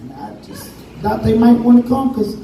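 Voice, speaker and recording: A man's voice: very high voice, steady tone, normal speed, gravelly, dark tone, a little hiss or hum. A man doing a stand-up comedy set, telling a story with casual Southern US slang. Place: comedy club stage. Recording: echoey room from far off, crowd.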